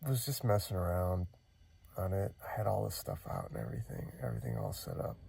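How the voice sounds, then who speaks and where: A man's voice: fairly low pitch, very animated, a little fast, gravelly, mellow, husky. A man vlogging from inside his van, rambling and hesitant as he regretfully retells a night's events in casual talk. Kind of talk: casual spoken recollection.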